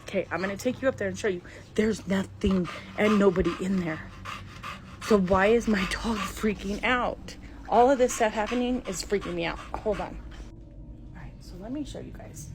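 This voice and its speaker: A middle-aged woman filming inside her home on a handheld phone, talking to viewers in a breathless, alarmed, often hushed way. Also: mid-range voice, normal speed, music in the background. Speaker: homeowner filming her house. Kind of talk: frightened phone video to viewers. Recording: noisy home phone recording.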